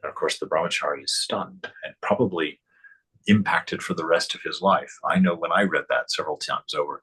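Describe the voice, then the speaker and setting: Man, deep voice, husky, reflective spiritual talk, conversational. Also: steady tone, a little fast, pushed and bright, poor audio. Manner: reflective, conversational, with frequent "right?" and "you know". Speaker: spiritual teacher. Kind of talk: reading and commenting on a devotional text.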